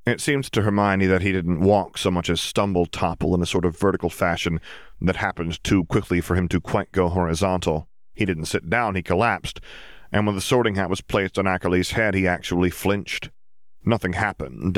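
Man, audiobook narration, deep voice, dry recording, steady. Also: fairly quick, no room sound. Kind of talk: audiobook reading.

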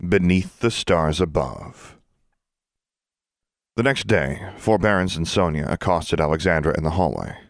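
A man narrating an audiobook in a measured, even storytelling manner on a close mic. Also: deep voice, no room sound. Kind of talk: scripted narration.

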